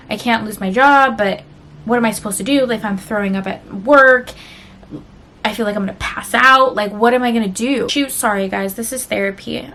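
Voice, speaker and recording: A woman's voice: a little high, vocal fry, a bit bright, a little hiss or hum. A woman vlogger talking candidly and emotionally to her viewers in a rambling, confessional chat full of fillers. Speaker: book vlogger.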